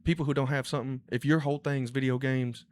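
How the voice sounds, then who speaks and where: A man's voice: medium pitch, steady tone, fast, a little mellow. Young man, Southern US accent, laid-back, casual podcast guest. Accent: Southern US (Alabama). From Alabama and California. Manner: laid-back, says bro and dude. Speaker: guest comedian.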